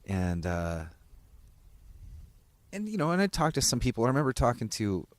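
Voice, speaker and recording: A man's voice: mid-range voice, sing-song, normal speed, no echo. A man hosting a podcast in casual conversation, swearing freely and restarting sentences. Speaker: podcast host.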